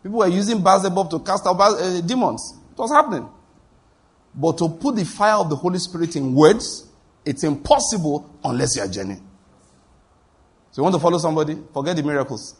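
A man's voice: fairly high pitch, expressive, fairly quick, slightly rough. A man preaching a sermon as a pastor, telling stories and acting out the voices of the people in them. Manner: storytelling, acts out quoted voices, laughs at his own anecdotes.

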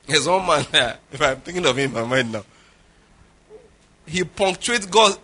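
A man's voice: on the high side, lively intonation, a little slow, sharp tone, breathy edge. A middle-aged man preaching a sermon, telling stories with jokes and Pidgin asides. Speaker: pastor.

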